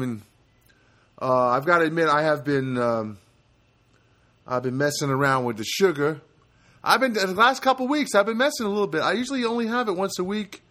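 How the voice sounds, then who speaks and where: A man's voice: a little high, moderate pace, fairly bright tone. A middle-aged man talking in a rambling personal monologue, full of fillers, restarts and wry self-mocking asides. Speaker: vlogger.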